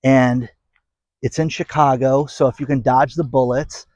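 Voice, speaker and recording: A man's voice: medium pitch, fairly even intonation, measured pace, a little mellow, dry recording, low-quality recording. A man hosting a casual commentary channel, rambling and sarcastic as he talks straight to his viewers. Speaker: host of an economy commentary channel.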